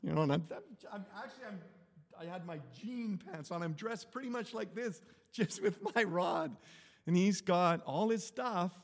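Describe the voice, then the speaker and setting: A man, a pastor, telling a humorous personal story in an animated sermon. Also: sits high, moderate pace. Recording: echoey hall.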